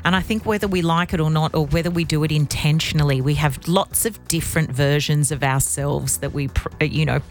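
A woman's voice: low voice, fairly even intonation, brisk, few pauses, soft background music. Chatty Australian woman radio host. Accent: broad Australian. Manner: chatty, laughs often, self-mocking. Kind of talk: casual radio banter.

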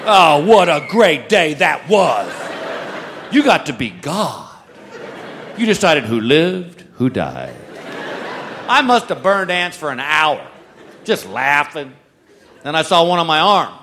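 A man's voice: on the high side, very animated, unhurried, pauses often. Brief: middle-aged stand-up man, giggles through his tales, noisy live hall. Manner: self-mocking storyteller, laughing at his own jokes. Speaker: stand-up comedian. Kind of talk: stand-up comedy routine. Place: large venue with a live audience. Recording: live crowd noise, loud ambience.

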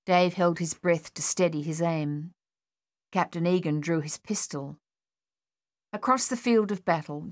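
A woman narrating an audiobook in a measured, steady way. Her voice sits on the low side. The recording is dry and close to the mic. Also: no echo. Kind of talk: scripted narration.

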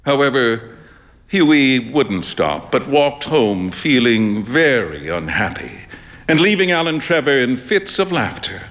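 A man giving an expressive, theatrical live reading of a short story. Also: medium pitch, a little slow, long reverb tail.

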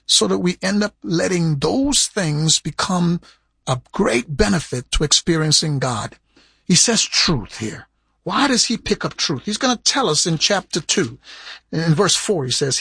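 A man preaching a sermon, with big swings in pitch and emphasis as he makes his points. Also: creaky, sharp tone, slightly rough, no room sound.

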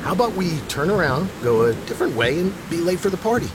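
A stubborn, impatient driver. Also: female voice, on the low side, big pitch swings, fast, heavy background noise. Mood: backpedaling. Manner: dismissive, then hasty backpedaling. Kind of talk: radio safety ad acting.

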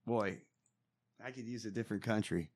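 A man co-hosting a political talk show, reacting loudly and swearing often. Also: on the low side, moderate pace. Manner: loud, excitable, swearing, shouts and laughs at clips. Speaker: podcast co-host. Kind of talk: profane political banter.

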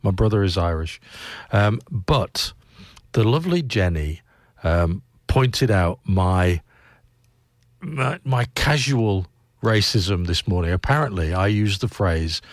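An English-accented man hosts a breakfast radio show in a loose, rambling way, often backing up and poking fun at himself. His voice sits on the low side. The studio sound is dry and close. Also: lively intonation, takes it slowly, no echo. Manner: rambling and self-deprecating, with many restarts. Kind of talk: casual morning radio chat.

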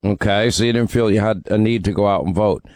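A man's voice: lowish voice, steady tone, brisk, a little mellow, no room sound. A man hosting a call-in radio show, needling and arguing with a caller. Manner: combative, needling. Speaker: radio talk show host.

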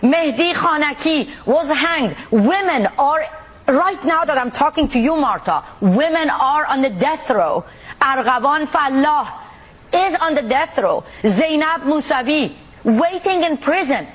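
A woman from Iran, an activist speaking forcefully and indignantly as an interview guest. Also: sits high, animated, unhurried.

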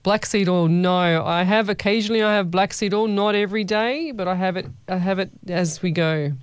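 A woman's voice: medium pitch, brisk, clean tone, dry recording. A woman hosting a radio show, chatting playfully with listeners and calling them lovey. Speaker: radio host. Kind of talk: casual chat reading listener messages.

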